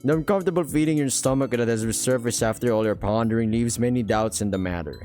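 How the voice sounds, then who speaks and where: A man's voice: mid-range voice, quick pace, hardly any pauses, mellow, soft background music. Man reading game narration aloud. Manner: dry joking asides between narration. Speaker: game streamer reading a visual novel aloud.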